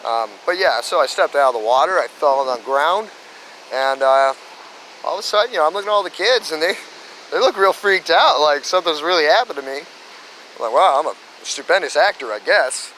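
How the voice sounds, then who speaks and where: A man's voice: on the high side, lively intonation, a little fast, pushed and bright, a little hiss or hum, poor audio. A man telling casual stories in a rambling way, with lots of "you know" and restarts. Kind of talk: casual storytelling monologue.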